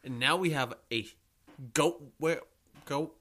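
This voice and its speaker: A man's voice: on the high side, slow, sharp tone. A man co-hosting a casual podcast, joking and arguing playfully with his co-host. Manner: playful, argumentative banter. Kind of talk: casual comedic chat.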